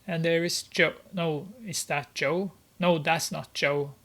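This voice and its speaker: Slow, halting, amused movie recapper. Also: medium pitch, fairly even intonation, a bit bright. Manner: halting, with many filler pauses and frequent laughter; amused and mocking. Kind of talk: casual film recap and commentary.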